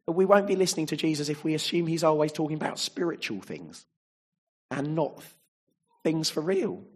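A man's voice: on the high side, expressive, normal speed, darkish tone, breathy edge. A man preaching a sermon, emphatic and fond of rhetorical tag questions.

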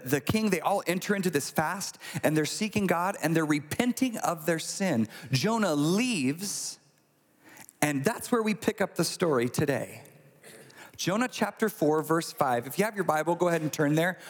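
Guy preaching a sermon, chatty and animated, kinda high voice, big echoey church hall. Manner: conversational, animated storytelling with acted asides. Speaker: pastor. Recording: long hall reverb.

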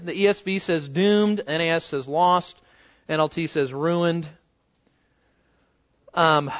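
A man's voice: on the high side, a bit bright, dull audio. A man preaching an expository sermon as pastor, emphatic, swinging from raised stresses down to near murmurs and asking his listeners rhetorical questions.

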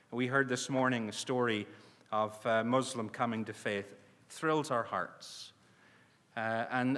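A man's voice: medium pitch, bright, forceful tone. A man speaking earnestly at a church, preaching on mission with emphatic stresses and frequent restarts. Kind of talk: preaching address. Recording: reverberant hall.

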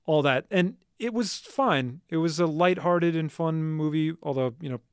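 A man's voice: fairly high pitch, moderate pace, clear, resonant tone, no room sound, clean studio sound. A man from suburban Wisconsin co-hosting a casual chat, hesitant and rambling, often restarting and trailing off. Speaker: podcast co-host.

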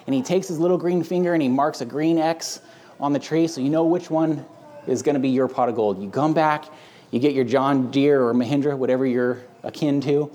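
A man's voice: medium pitch, quick pace, mellow. A man hosting a casual Bible discussion who talks emphatically and conversationally, with frequent fillers. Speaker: host and Bible teacher. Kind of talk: casual teaching chat.

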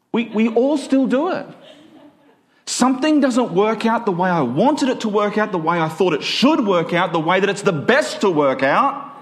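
An Australian man preaching a sermon in a conversational way, full of rhetorical questions and acted-out examples. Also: fairly high pitch.

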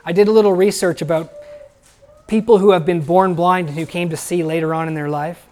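In a high, slightly mellow voice with fairly even intonation, a pastor preaches fairly quickly. His manner is conversational and plain as he questions his congregation.

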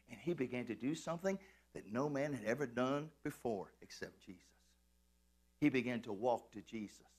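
A man preaching a sermon, animated and playful, swinging into shouts and laughs as he tells the story. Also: medium pitch. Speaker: pastor.

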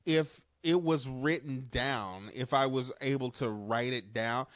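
A man talks casually as a podcast co-host, with plenty of laughs and restarted sentences and a loose, profane way of speaking. His voice sits at an ordinary pitch and is recorded dry and close, with no room sound. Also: a little slow, hardly any pauses, dry recording. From New Orleans area. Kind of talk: casual chat.

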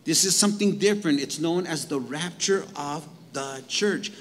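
A man in the pulpit preaches with animated energy, his voice sitting a little high for a man. He slows right down to read scripture aloud, then speeds back up to talk straight to the congregation. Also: big-room sound, slight background noise. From Mexican heritage. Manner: animated preaching, reads scripture slowly, asks "right?" to the crowd. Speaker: pastor. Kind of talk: sermon.

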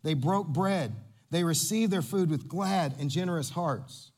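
Animated high-voiced pastor. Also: male voice, a little slow. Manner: animated, playful, coaching volunteers on stage. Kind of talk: sermon.

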